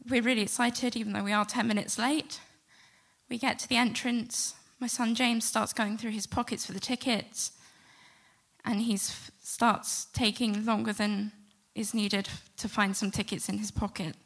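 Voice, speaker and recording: A middle-aged woman telling a personal story to a live audience, animated and acting out the quotes. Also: fairly high pitch, normal speed. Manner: lively, animated retelling with acted-out quotes. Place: stage before a live audience.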